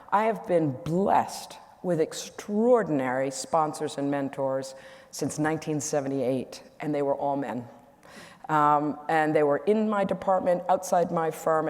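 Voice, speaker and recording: A woman's voice: lowish voice, a little mellow. A woman in her sixties, a guest speaker at an event, telling humorous anecdotes in a candid way and often correcting herself mid-sentence. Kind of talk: onstage conversation with anecdotes. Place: event hall. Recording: echoey hall reverb.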